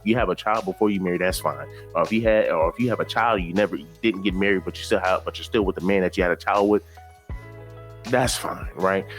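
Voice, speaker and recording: A man giving reaction commentary in a preachy way, repeating himself and asking rhetorical questions. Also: deep voice.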